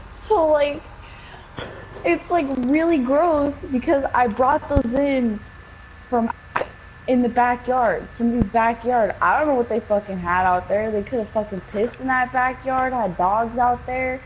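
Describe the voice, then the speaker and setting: A woman's voice: a little high, measured pace, a little hiss or hum. Rambling, cursing young woman telling a story. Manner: rambling, swears a lot, many likes and fillers. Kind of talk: casual storytelling. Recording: dull lo-fi game-capture audio.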